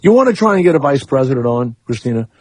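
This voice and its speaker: Husky, lively radio talk host. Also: male voice, fast talker, no room sound. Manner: rambling, sarcastic, swings up high for emphasis. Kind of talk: comic radio monologue and call-in chat. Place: radio studio. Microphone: studio microphone.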